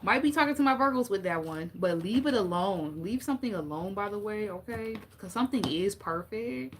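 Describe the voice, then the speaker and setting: Young woman, tarot reader, casual chat, blunt, cusses freely, quick laughs, mid-range voice. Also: mid-range voice, expressive, slight background noise. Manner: blunt, profane and playful, laughing often. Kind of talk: casual tarot reading monologue.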